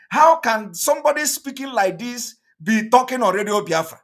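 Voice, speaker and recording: A man's voice: very high voice, expressive, fairly bright tone. A man hosting an online broadcast, talking emphatically and repeating himself as he comments on a played interview. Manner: emphatic, repetitive, quick to laugh.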